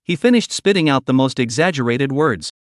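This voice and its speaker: A man narrating a story recap in a steady reading voice with stiff, literal phrasing. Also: medium pitch, brisk, dry recording, studio quality.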